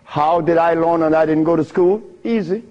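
A man's voice: fairly high pitch, moderate pace. A man lecturing an audience, telling stories in an emphatic, teasing way, on a dull lo-fi recording. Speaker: speaker addressing an audience. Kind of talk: lecture with storytelling.

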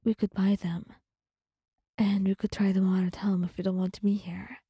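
A woman's voice: medium pitch, level tone, moderate pace, mellow, breathy edge, dry recording, clean studio sound. A woman voicing a protective young man in a whispered role-play, firm and soothing. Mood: tender. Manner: stern and protective. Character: protective young man, stern then tender.

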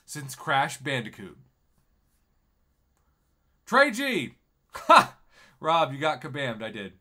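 A man streams a mobile game live, chatting casually, laughing excitedly, and reading viewers' comments aloud. His voice is medium-pitched and slow.

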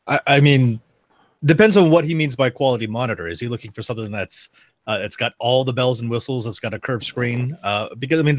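A man on a live panel discussion, answering slowly and thinking out loud with frequent hesitations. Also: medium pitch, dry recording. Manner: hesitant, thinking aloud with fillers. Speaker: panel guest.

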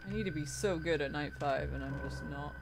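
A young woman, a gaming YouTuber, provides let's-play commentary on a horror game, talking to the characters and swearing and laughing in panic. Her low-pitched voice runs a little fast over a noisy background, with faint music behind.

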